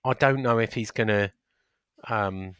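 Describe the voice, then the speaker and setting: A man with a low voice co-hosts a casual football podcast. He speaks hesitantly and often repeats his words. The sound is dry and close-miked. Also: a little slow, fairly bright tone, clean tone, dry recording. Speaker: podcast co-host.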